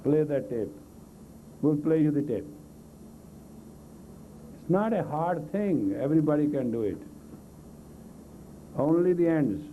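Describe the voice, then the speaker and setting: A man's voice: on the high side, animated, unhurried, long pauses, slight background noise. Blunt man coaxing a class on old tape. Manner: blunt, coaxing commands with non-native English grammar. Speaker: meditation teacher. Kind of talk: leading a live group exercise class. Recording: tinny lo-fi 1980s tape of a live talk.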